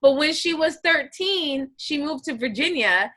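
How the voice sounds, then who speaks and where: A young American woman hosts a casual podcast interview. Her voice is bright and ringing. She tells stories in a chatty, meandering way, full of fillers. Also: sits high, a little slow. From United States. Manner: chatty, animated storytelling with many fillers. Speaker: podcast host.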